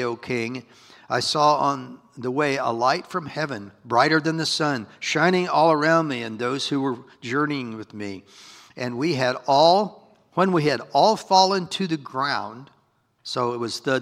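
A man preaching a sermon, reading scripture aloud and breaking in with lively asides. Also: medium pitch, creaky. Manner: animated, reads verses then breaks in with asides and laughs. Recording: hall reverb.

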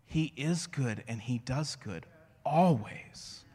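A man preaching a sermon as a pastor, conversational and storytelling, slowing to a hush on key phrases. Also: mid-range voice, animated, breathy edge, in a large hall. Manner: conversational, storytelling with self-deprecating asides.

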